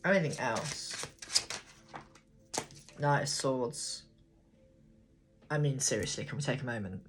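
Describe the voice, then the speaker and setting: A woman's voice: extremely low pitch, moderate pace, noisy background. A woman giving a casual tarot card reading, thinking aloud, talking straight to viewers and swearing freely. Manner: chatty, blunt, swears freely. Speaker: tarot reader.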